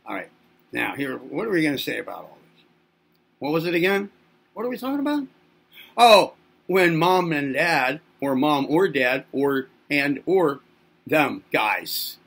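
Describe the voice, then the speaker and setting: Man, playful host, gravelly, husky, lively swooping pitch. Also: a little slow. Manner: teasing, talks as if to babies. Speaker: self-help channel host. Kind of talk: playful monologue to camera.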